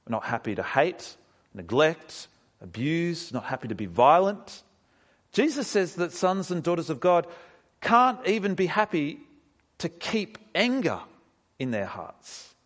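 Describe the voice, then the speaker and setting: A man preaching a sermon as pastor, lively, with sudden leaps in pitch and pointed rhetorical questions. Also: a little slow. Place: church hall. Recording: long reverb of a church hall.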